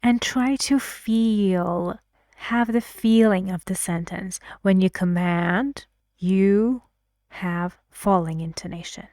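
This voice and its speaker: A woman teaching English pronunciation in an online lesson, slowly repeating words to model intonation and encouraging her students. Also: medium pitch, mellow, no echo, studio quality.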